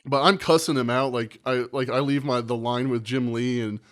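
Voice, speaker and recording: A man's voice: medium pitch, moderate pace. Man telling a profane story casually. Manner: animated, profane anecdote-telling with acted quotes. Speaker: podcast co-host.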